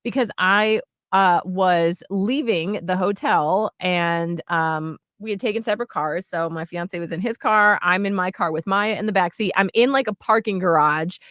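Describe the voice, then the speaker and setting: A woman in her thirties co-hosting a radio show, retelling a story in an animated, excitable way. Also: lowish voice, normal speed, hardly any pauses, no room sound, clean studio sound. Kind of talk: casual chat.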